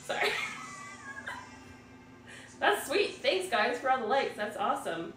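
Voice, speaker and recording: A woman's voice: a little high, sing-song, unhurried, pauses often, a bit bright. Woman in her 30s from ontario, sweary easygoing livestream chat, mic kinda far, echoey room, some music in back. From Ontario, Canada. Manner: chatty and swears freely, reads out comments. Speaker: livestream host. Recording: roomy room, distant mic, music behind.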